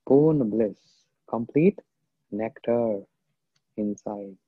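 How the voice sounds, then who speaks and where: A man delivers a slow, reflective devotional lecture, pausing often and quoting verses in an Indian language. His voice is husky and sits at a middle pitch. The sound is tinny and phone-like, with a dry, close feel. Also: no echo. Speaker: spiritual teacher.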